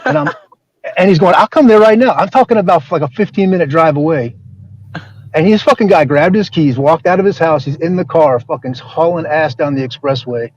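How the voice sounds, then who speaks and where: A man's voice: a little high, brisk, darkish tone, highs cut off, a little hiss or hum. Profane laughing man telling a story. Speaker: stream host. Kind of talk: casual storytelling chat.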